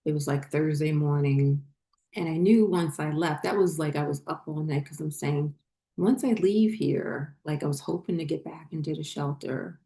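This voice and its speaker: Speaking as a spiritual vlogger, this woman drifts through a personal anecdote, pausing, restarting and filling gaps with fillers. Her low, mellow voice holds an even tone and carries some vocal fry.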